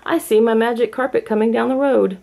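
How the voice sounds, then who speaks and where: A woman's voice: on the high side, fairly even intonation, fairly quick, vocal fry, dark tone, pitched above the performer's own voice. A woman voicing a swaggering, boastful male alley cat in a storybook read-aloud, with a cocky, playful manner.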